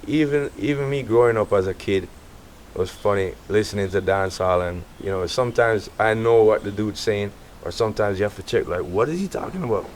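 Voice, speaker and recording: A middle-aged Jamaican man, an artist as guest, telling stories in a relaxed casual interview. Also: fairly low pitch, brisk, slight background noise. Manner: relaxed, animated storytelling with quoted voices.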